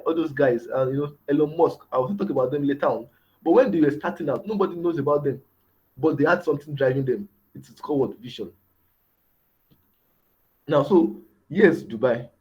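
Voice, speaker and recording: A man's voice: a little high, darkish tone. A man giving a motivational mentorship lecture, repeating key words and asking rhetorical questions. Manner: rhetorical questions, repetitive emphasis. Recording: dull lo-fi recording.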